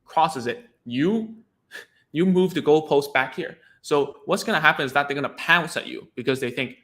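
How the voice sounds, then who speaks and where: A man's voice: fairly high pitch, moderate pace, a bit bright. A man, a speech therapist, explaining in a chatty, informal way, often restarting and repeating words. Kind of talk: casual teaching talk to camera.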